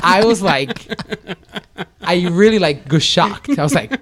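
A man with an Italian accent, co-hosting a casual podcast and telling stories with lively mimicry. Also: brisk, no echo. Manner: animated storyteller, mimics a phone voice high. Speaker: podcast co-host. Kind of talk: casual chat.

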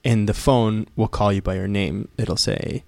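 A man co-hosting a casual podcast, telling a story in a relaxed, easygoing way. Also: lowish voice, unhurried, creaky, dry recording. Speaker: podcast co-host. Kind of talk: casual chat.

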